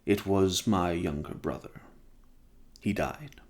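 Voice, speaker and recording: A man voicing a calm, gentle male vampire centuries old, soft and measured, in a casual novel reading. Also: low voice.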